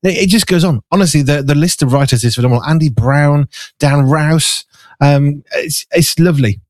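A man hosting a relaxed radio-style chat, talking enthusiastically with frequent restarts. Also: a little high, normal speed, dry recording, studio quality. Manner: enthusiastic, warm about the team, with restarts. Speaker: podcast host. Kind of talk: casual chat.

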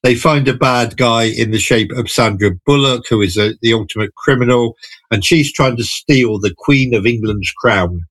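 A man chatting about films on the radio, keen and talkative, now and then stumbling over a word. His voice sits at a middle pitch and is recorded close and dry, with no room sound. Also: fairly bright tone, no echo. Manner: enthusiastic, chatty, some halting restarts. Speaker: film reviewer. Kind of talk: casual radio chat. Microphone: studio microphone.

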